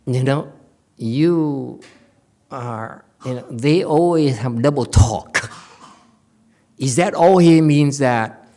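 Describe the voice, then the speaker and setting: A man's voice: mid-range voice, slow, pauses often, warm tone. A man with a Korean accent giving a dharma talk as a Zen master, playful, telling stories and laughing often.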